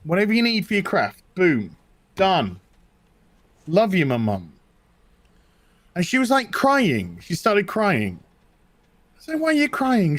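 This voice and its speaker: Telling personal stories in casual conversation, a middle-aged British man co-hosts in an animated way, full of restarts and repetition. His voice sits high, and he speaks at a measured pace with frequent pauses, with no room sound.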